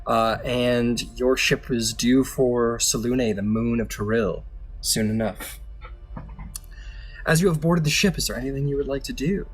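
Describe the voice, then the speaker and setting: A man's voice: medium pitch, unhurried, faint music behind. Chatty man narrating a tabletop game. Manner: loose, chatty, with fillers and laughs. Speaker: game master.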